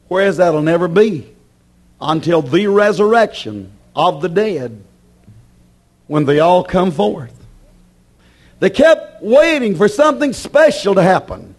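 A man preaching a sermon with passion, acting out his listeners' objections and swinging between loud declarations and hushed warnings. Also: high-pitched, sing-song, measured pace. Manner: voices imagined objections from the congregation.

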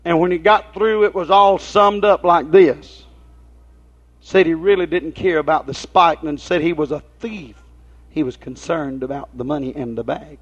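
A man's voice: on the high side, steady tone, normal speed. A man preaching a folksy sermon, telling homespun stories and asking his listeners rhetorical questions. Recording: dull lo-fi recording.

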